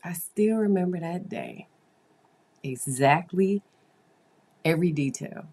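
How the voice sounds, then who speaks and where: A woman therapist telling a story to her listeners in a casual monologue, animated and confiding, with asides to them. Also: fairly low pitch, slow pace, husky.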